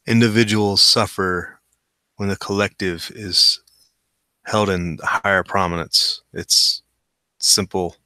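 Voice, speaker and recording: A man's voice: low voice, fairly even intonation, slow pace, sharp tone, no room sound. A man hosting a casual news show, reading articles aloud and adding wry, skeptical asides. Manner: skeptical, wry asides between read quotes. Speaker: host reading and commenting on articles.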